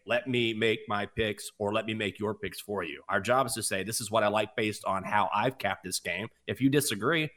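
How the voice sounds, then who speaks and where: A man co-hosting a sports betting podcast, chatting casually and telling stories with mocking voices. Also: mid-range voice. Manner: animated storyteller, mocking voices.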